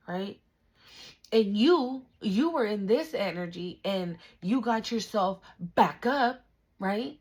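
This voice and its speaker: A woman in the middle pitch range reads tarot for her viewers at a slow, unhurried pace. She speaks directly to the viewer, dropping slang and frequent swear words as she stresses her points. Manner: emphatic, slangy and profane, talks straight to the viewer. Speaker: tarot reader. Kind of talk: spiritual tarot reading to camera.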